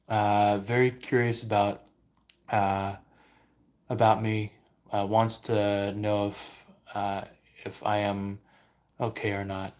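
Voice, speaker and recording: Slow, hesitant male tarot reader. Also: on the low side. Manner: hesitant, many fillers and restarts. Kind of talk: casual reading reacting to viewer comments.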